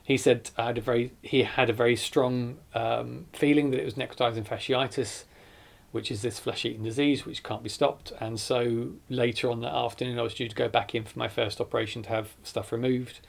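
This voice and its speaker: A man's voice: mid-range voice, steady tone, fairly quick, creaky. A man, earnestly recounting his hospital ordeal in a documentary interview, often correcting himself as he goes. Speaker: survivor telling his story.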